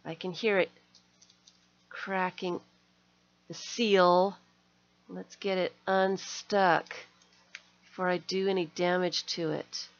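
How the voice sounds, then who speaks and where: A woman's voice: on the low side, steady tone, slow, long pauses, no echo. A middle-aged woman hosting an art live stream, chatting casually and gushing with delight as she opens mail. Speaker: art channel host. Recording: slightly dull lo-fi stream audio.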